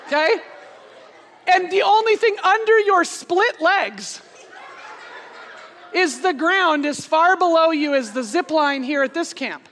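A woman in her forties telling a funny personal story in a sermon, animated and laughing as she goes. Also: very high voice, slow pace, long pauses, a faint crowd, a little hiss or hum. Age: 40s. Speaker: speaker. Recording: long hall reverb.

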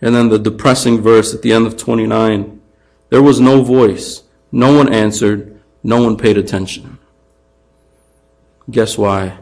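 A man preaching a sermon, animated, acting out taunts in a raised voice and dropping quiet for emphasis. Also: lowish voice, measured pace, vocal fry, long pauses, poor audio. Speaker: pastor.

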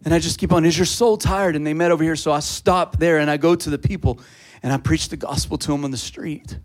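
A man preaching a sermon, telling a personal story in a casual, conversational way that builds to loud, fervent preaching. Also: fairly high pitch, steady tone, fast. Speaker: pastor.

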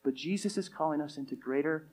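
A man with a slightly higher voice preaches a sermon. He talks in a casual, conversational way and acts out other people's lines. His volume swings from loud emphasis to soft, quiet lines. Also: fast. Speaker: pastor.

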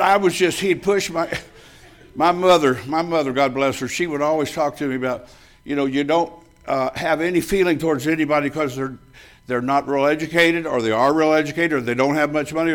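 An older man in his seventies delivers a sermon from a church, slipping into a personal story. His voice sits a little high for a man, and he talks in a folksy, emphatic way, often breaking into laughter. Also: fairly quick. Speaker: preacher.

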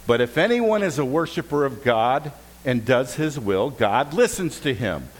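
A man preaching a sermon as pastor, telling jokes and stories in an animated way. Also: fairly high pitch, poor audio.

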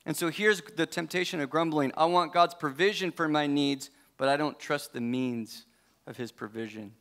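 A man's voice: on the high side, moderate pace, a bit bright. A man preaching a sermon as pastor in a conversational way, with joking asides and frequent self-corrections. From United States.

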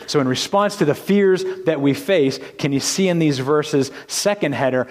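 A man preaching a sermon as pastor to his congregation. He asks rhetorical questions and swings between hushed, whispered lines and loud, emphatic ones. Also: fairly high pitch, moderate pace, hardly any pauses. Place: church sanctuary. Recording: long hall reverb.

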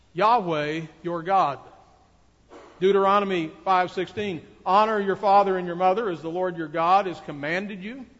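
A man preaches a sermon with an earnest, measured delivery, his voice pitched a little high. His words ring out with a long reverb, as in a large sanctuary. The recording itself sounds somewhat dull and muffled. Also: a bit bright. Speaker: pastor.

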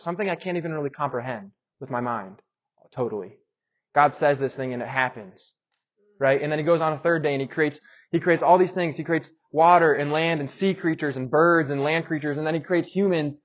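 A man's voice: a little high, a little fast, highs cut off. A man giving a casual, story-driven sermon, addressing his audience directly and acting out his own phone calls. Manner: storytelling, animated and conversational, talks to audience members.

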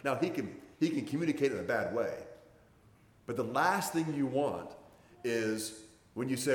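Speaking at a normal pace with lively intonation and frequent pauses, a man in his sixties preaches in a homespun storytelling style full of hedging fillers. His voice is mid-range, and the sound carries a long, roomy hall reverb.

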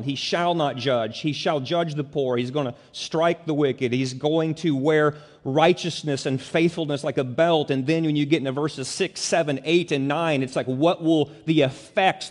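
A man preaching a sermon as pastor, earnest and building to urgent emphasis. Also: on the high side. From central Illinois, US. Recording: long hall reverb.

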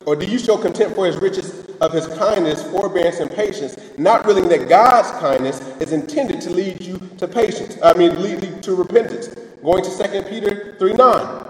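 High-voiced man preaching in echoey hall. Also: normal speed. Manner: conversational, with frequent "right?" and restarts. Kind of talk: sermon.

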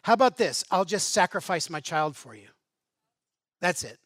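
Brief: defensive, contemptuous worshippers, put on by a man, sarcastic and exasperated, pitched higher and pushed louder. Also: very animated, moderate pace, dry recording, studio quality. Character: defensive, contemptuous ancient worshippers bargaining with God.

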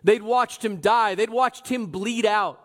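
A man preaching a sermon, telling the story in an animated way that swings from loud to hushed. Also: high voice, takes it slowly. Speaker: pastor.

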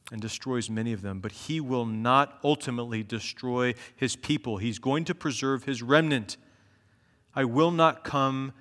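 Male pastor, mid-pitched, earnest sermon delivery with emphatic swells and low, slow drops; long church-hall reverb. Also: a bit bright. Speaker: preacher. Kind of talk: expository sermon.

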